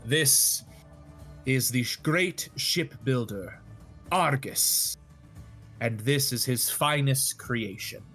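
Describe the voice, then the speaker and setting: A man voicing a stately older king who speaks in slow, formal proclamations. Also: medium pitch, fairly bright tone, faint music behind. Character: aging stately male king, guarded.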